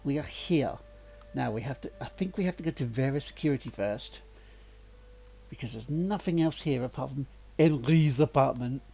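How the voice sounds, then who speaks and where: Husky, chatty male game streamer. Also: medium pitch, normal speed, warm tone. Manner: chatty, rambling, laughs often. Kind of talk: let's-play commentary.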